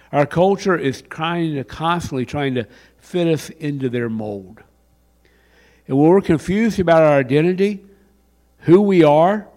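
An older man preaching a sermon, dropping to a hush and then rising to a shout. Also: a little high. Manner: dramatic swings from hushed to shouting. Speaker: pastor. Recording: long hall reverb.

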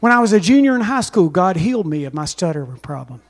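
A man's voice: high-pitched, sing-song, fast talker. A man preaching a sermon as pastor, telling stories with emphasis and calling on the congregation to respond.

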